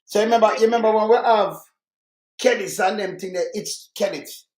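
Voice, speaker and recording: A man's voice: sits high, steady tone, quick pace, echoey room. An older man with a Jamaican accent, talking in blunt, emphatic casual chat. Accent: Jamaican Patois.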